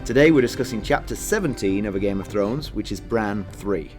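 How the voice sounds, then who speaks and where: A man's voice: on the low side, expressive, brisk, soft background music. A man co-hosting a book podcast in casual chat, rambling and poking fun at himself. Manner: chatty and self-deprecating, rambling asides. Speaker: podcast co-host.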